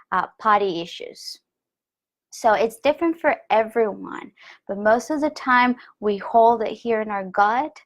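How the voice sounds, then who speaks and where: A woman in her thirties giving a candid, expressive live talk on intuition, reading viewer comments aloud and jumping up in pitch when she quotes herself. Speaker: spiritual teacher.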